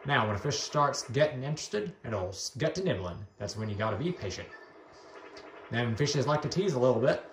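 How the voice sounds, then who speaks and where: A man's voice: mid-range voice, very animated, a little fast, reverberant, a little hiss or hum, rough recording. A man voicing a folksy country man who teaches fishing, in a drawling funny voice.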